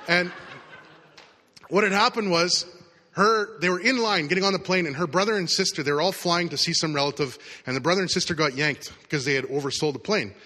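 A man's voice: on the high side, brisk, sharp tone. A middle-aged man preaching a sermon, telling a personal story in a casual, conversational way. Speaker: pastor. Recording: long hall reverb.

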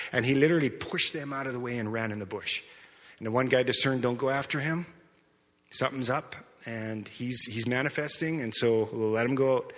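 Bright-voiced man preaching in a reverberant hall. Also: medium pitch. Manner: conversational storytelling preaching. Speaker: pastor. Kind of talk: sermon.

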